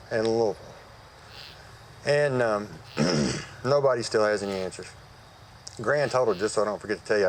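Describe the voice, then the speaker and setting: A man's voice: fairly low pitch, a little hiss or hum, rough recording. A man gives a personal church testimony outdoors. He tells it in a folksy, conversational way with frequent fillers. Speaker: church member giving testimony. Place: outdoor worship service.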